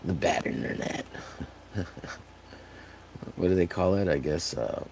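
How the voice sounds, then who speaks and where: A man with a low, gravelly, animated voice chats unhurriedly with his live-stream viewers as he paints, mumbling to himself, cracking silly jokes and breaking into bursts of goofy sing-song. He's in a home studio where a video plays in the background, and there's some background noise.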